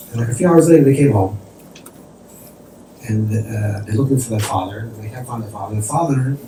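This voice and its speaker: A man's voice: medium pitch, dark tone. A man, a rabbi, telling a story in a conversational sermon, sprinkling in Yiddish and Hebrew terms. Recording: distant mic in an echoey room with faint noise.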